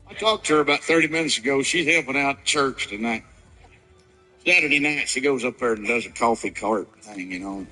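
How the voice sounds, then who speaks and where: A man doing an irreverent stand-up routine, riffing loosely and leaping into loud mock scenarios. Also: mid-range voice, a little fast, faint music behind, rough recording. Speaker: stand-up comedian.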